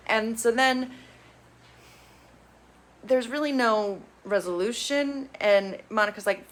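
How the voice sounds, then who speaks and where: A woman's voice: mid-range voice, unhurried, a bit bright. A woman casually recapping reality TV episodes, blunt and sarcastic, swearing freely. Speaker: reality TV reviewer.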